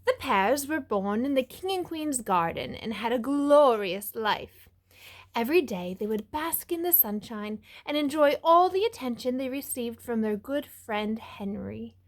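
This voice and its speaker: A woman teacher reading a storybook aloud to young children in a put-on British accent, lively and expressive. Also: unhurried. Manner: lively, expressive storyteller with big pitch swings. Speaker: music teacher.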